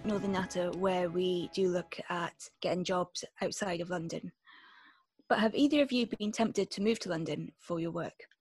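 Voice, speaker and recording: A woman from the Scottish Highlands with a Scottish accent, hosting a podcast and asking questions. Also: normal speed, a little mellow, soft background music. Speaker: podcast host. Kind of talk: casual podcast chat.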